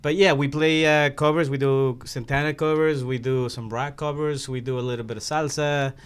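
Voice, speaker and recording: A man's voice: medium pitch, level tone, normal speed, clean tone. A man, a band member guest, earnestly explaining his band's plans in a casual interview.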